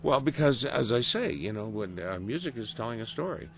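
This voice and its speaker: A middle-aged man giving a casual interview as a voice actor, animated and storytelling, acting out quoted reactions. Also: mid-range voice, a little fast, creaky. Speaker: voice actor guest. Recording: noisy background.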